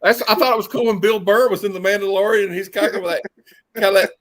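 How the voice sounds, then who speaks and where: A man with a twang hosts a loose movie chat from a home stream setup. His voice sits a bit high for a man, and he talks with an animated, laughing energy. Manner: animated, quick to laugh, slips into silly impressions. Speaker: host of a movie discussion show.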